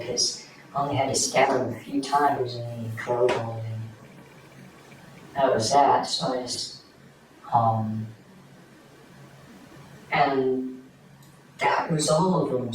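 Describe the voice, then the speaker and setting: A man recounting events in a recorded police interview, speaking quietly and haltingly with many fillers. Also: mid-range voice, fairly even intonation. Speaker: suspect recounting a crime. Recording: echoey distant room mic with noise.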